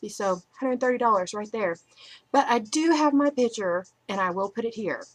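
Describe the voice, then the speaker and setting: A young woman telling a story to camera in a chatty, animated way, acting out what people said. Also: on the high side, moderate pace, low-quality recording. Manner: animated, chatty, lots of "like" and quoted dialogue. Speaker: vlogger. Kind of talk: casual storytelling vlog.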